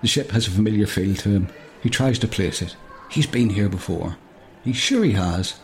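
A man's voice: lowish voice, moderate pace. A man reading a comic story aloud, breaking off often to joke and laugh. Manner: jokey, laughs often, digresses. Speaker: storyteller and podcast host.

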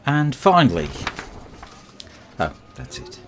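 Crude deadpan man. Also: medium pitch, slow, slight background noise. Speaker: comic monologuist. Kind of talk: comic character monologue.

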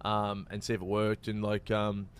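Laid-back Australian man, slightly low voice. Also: completely flat delivery, normal speed, slight background noise. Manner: laid-back, rambling with many fillers and restarts. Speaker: comedian and actor, guest. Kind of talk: casual chat.

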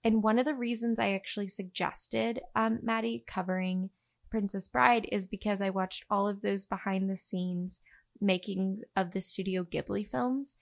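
A woman's voice: medium pitch, fairly even intonation, normal speed, gravelly. A woman, co-hosting a podcast in a casual, enthusiastic chat. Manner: chatty, enthusiastic, playful. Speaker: podcast co-host.

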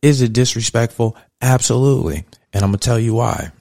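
A man hosting a podcast talks a little fast in an animated, creaky, medium-pitched voice. His casual monologue is blunt, profane and conversational, growing louder and more heated, with clean studio sound and no room sound.

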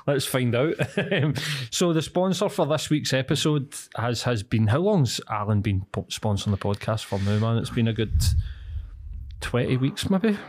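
A man's voice: mid-range voice, big pitch swings, normal speed, darkish tone. Chatty Scottish man reading an ad. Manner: chatty, laughing easily, loose ad-libbed ad read. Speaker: podcast co-host. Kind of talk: casual chat and read sponsor ad.

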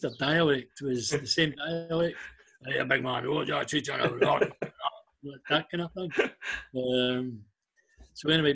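A man's voice: mid-range voice, fairly bright tone, husky. An older man with a Scottish accent tells anecdotes in a casual interview and acts out the voices of the people in his stories. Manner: anecdotal, acts out quoted dialogue. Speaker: guest, former club liaison officer.

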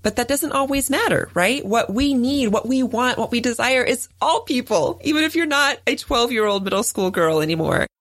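A woman in her forties co-hosting a podcast, telling a story in casual chat and jumping up in pitch when she quotes other people. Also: normal speed, hardly any pauses, no room sound, clean studio sound. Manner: animated storytelling, jumps high when voicing others. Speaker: podcast co-host.

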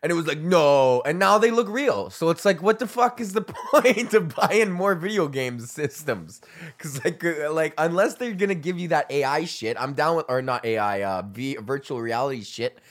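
A man's voice: a little high, expressive, normal speed, fairly bright tone. A man, a comedian ranting alone on his podcast, swearing and rambling while he laughs at his own jokes. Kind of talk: ranting solo podcast monologue.

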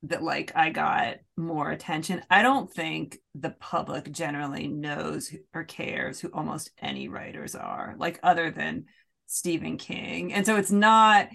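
A middle-aged American woman, an author, chatting as a podcast guest with self-deprecating humour, frequent laughs and halting restarts. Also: sits low, expressive, vocal fry, a bit bright. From United States. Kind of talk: casual interview chat.

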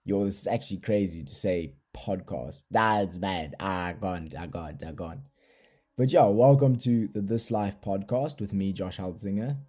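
A young man with a South African accent, hosting a casual solo podcast from his bedroom in a relaxed, rambling, slangy way, recorded on a laptop microphone. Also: low-pitched, unhurried. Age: young adult. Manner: laid-back, rambling, slangy. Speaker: podcast host. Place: bedroom at night.

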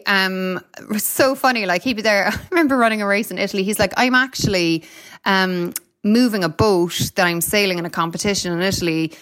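A woman's voice: mid-range voice, fairly bright tone. A woman in her thirties with an Irish accent, a retired runner chatting as a guest, telling stories and laughing often. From Ireland. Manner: chatty, storytelling, laughs often, many fillers. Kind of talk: casual interview chat.

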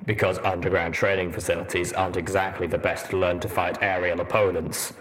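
A man voicing a skeptical male pony soldier in armor, speaking in a deep rumbling voice with a dry, measured deadpan.

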